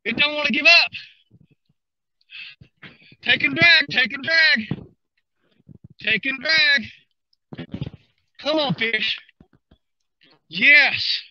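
A man talks to his viewers on a live stream from a river bank, cheering and coaxing while he reels. His voice sits very high and bright, and his drawl runs slow. The stream audio sounds dull and lo-fi. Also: no echo. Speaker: fishing livestreamer. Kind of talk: excited live commentary while fishing.

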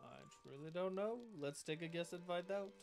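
A man's voice: high-pitched, moderate pace, gravelly. A man streaming a video game live, chatting and joking as he plays and talking back to what happens on screen. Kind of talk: live gameplay commentary. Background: game music.

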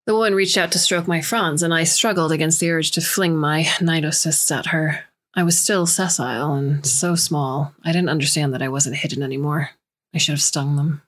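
A woman reading a science fiction story aloud in measured, scripted narration. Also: deep voice, fairly even intonation. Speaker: story reader.

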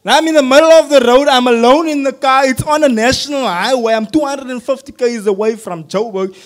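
A preacher whose voice sits very high for a man. He tells his sermon story in loose, slangy talk. He swings from hushed lines to shouted ones. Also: fairly quick. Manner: casual slangy address.

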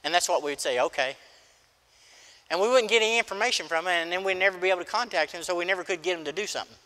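Folksy preacher in a reverberant church. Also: male voice, high-pitched, very fast, pushed and bright. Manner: folksy, storytelling, emphatic preaching. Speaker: pastor. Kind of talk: sermon. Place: church sanctuary.

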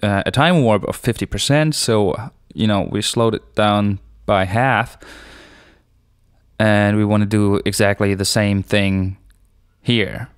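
A man walks through a software tutorial at an unhurried pace, his voice smooth and clear. He explains each step casually, without a script. The sound is close and dry, with no room around it. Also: lowish voice, no room sound. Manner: relaxed, explanatory, unscripted with fillers. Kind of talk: screencast tutorial narration.

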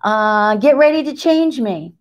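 A woman's voice: a little high, animated, unhurried. A woman voicing a worn-out sewing needle that pleads to be changed, in a raised, pleading voice. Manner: pleading, insistent.

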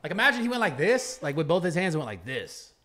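A young man tells a rambling story on a studio podcast mic, talking quickly. His pitch swings widely and sits a little high as he acts out the quotes. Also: big pitch swings, over a noisy crowd. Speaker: podcast host. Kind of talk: casual chat, animated storytelling.

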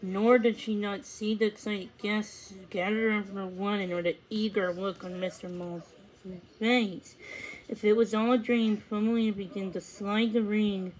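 A woman narrating a storybook read-aloud in a measured, expressive way. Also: mid-range voice, poor audio. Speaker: reader.

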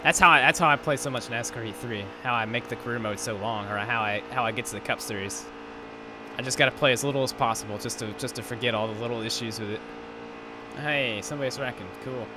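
A man's voice: medium pitch, quick pace. A man hosting a gaming channel, commenting live on a racing game in a frustrated, profane rant. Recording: race car engine noise behind. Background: racing game engine sounds.

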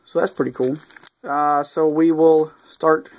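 A man giving casual unboxing commentary, reading off cards one by one with easygoing, mildly excited asides and fillers. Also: fairly high pitch, a little slow. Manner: easygoing, reads off cards one after another. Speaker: video creator opening card packs.

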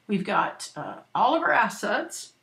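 With a mid-range, fairly bright voice marked by big pitch swings and vocal fry, a woman teaches an accounting lesson over a screen recording. She patiently walks students through a worked exercise, speaking slowly for note-takers and often asking "right?" and "okay?".

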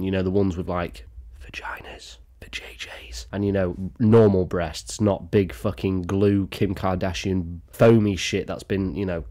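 A man hosting a reaction video, talking in a crude, excitable way with lots of swearing. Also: deep voice. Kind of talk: comedic video reaction commentary.

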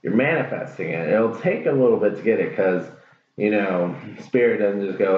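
A man's voice: lowish voice, moderate pace, slight background noise. A man giving a casual tarot reading to his viewers, earnest, encouraging and rambling. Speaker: tarot reader. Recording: echoey room, dull lo-fi sound.

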